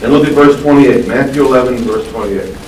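A man preaching a sermon. He stresses key words by slowing down and asks the audience questions. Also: mid-range voice, slight background noise. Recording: echoey room, mic at a distance.

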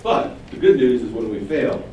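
A man preaching a sermon, animated, acting out quoted lines with sudden rises. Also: medium pitch, moderate pace, lo-fi sound. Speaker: pastor. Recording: very echoey room, distant mic, faint noise.

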